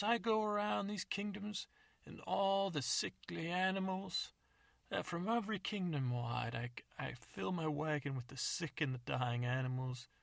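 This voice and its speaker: A man's voice: medium pitch, gravelly, fairly bright tone, no echo. A man voicing a rambling, folksy old male soap maker who hesitates and wanders off topic.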